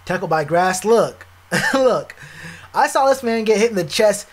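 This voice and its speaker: A young man streaming live, chatting casually with viewers, animated and repetitive, full of slang. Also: sits high, unhurried. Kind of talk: live stream reaction chat.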